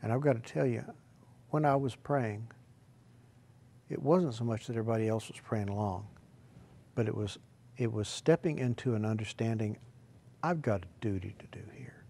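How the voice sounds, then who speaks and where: A man preaching a sermon, swinging between quiet, hushed asides and loud, emphatic exclamations. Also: medium pitch, fairly even intonation, moderate pace, vocal fry, long pauses.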